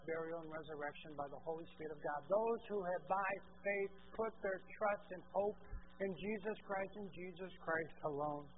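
A man preaching a sermon, asking the congregation questions and swinging from quiet asides to loud exclamations. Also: sits high, narrow, tinny audio, slight background noise.

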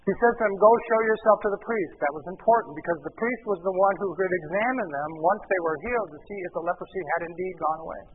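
High-voiced preacher on tinny radio. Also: male voice, quick pace, hardly any pauses, a little hiss or hum. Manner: reads scripture then explains it, raising his voice for emphasis. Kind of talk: sermon.

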